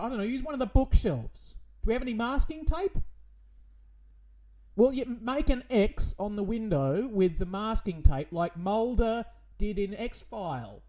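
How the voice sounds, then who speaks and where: A man with a notably high voice hosts a comedy radio show. He rants and frets in a theatrical, indignant manner, swinging between panic and exasperation. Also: a little mellow. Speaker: radio host.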